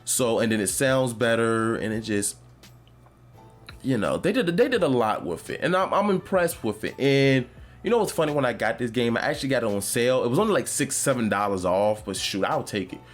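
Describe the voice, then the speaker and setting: A man talks loosely on his own podcast, wandering off topic and circling back with plenty of fillers and restarts. His voice sits at an ordinary middle pitch, relaxed and conversational. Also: a little fast, soft background music. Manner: rambling, animated, many fillers and restarts. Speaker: podcast host. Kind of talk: casual gaming chat.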